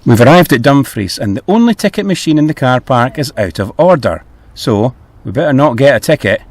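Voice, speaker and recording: A man's voice: mid-range voice, animated, a little fast. A middle-aged man hosting a travel vlog, easygoing and a little hesitant, over faint music. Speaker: vlog host.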